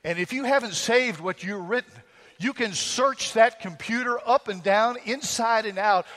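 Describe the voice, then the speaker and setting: High-pitched male pastor preaching, lots of questions to the crowd, big echoey hall sound. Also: normal speed, sharp tone. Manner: preaching with storytelling and rhetorical questions. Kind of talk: sermon.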